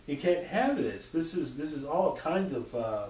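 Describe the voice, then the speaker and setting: Storytelling in a relaxed chat, a man swears liberally and dramatizes sounds and quotes. His fairly high voice is animated and a little mellow, his delivery slightly slow. It was recorded with a distant mic, so the sound is roomy.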